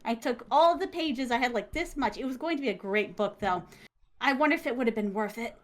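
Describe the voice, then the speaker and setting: A woman's voice: a little high, fairly quick. A woman, an interview guest, telling a story casually and animatedly, acting out the dialogue with emphasis.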